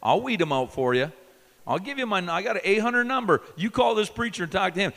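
A fairly high-voiced man preaches to a youth camp in a big hall with a long reverb tail. He drives his points home with emphatic questions to the crowd. Then he drops to a hush before rising again. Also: animated, brisk, vocal fry. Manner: emphatic, questioning the audience, swinging from loud to hushed. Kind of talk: sermon.

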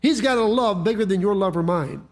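A man's voice: high voice, fairly quick. A man preaching a sermon, telling a story in a folksy way with frequent restarts and repeated words. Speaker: pastor.

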